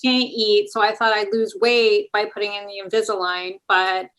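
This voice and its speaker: A woman host keeps the conversation light, slipping in teasing remarks about herself between questions. Her voice is mid-pitched and conversational. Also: level tone, moderate pace, fairly bright tone, poor audio. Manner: joking, self-teasing asides. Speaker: podcast host. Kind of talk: casual interview chat.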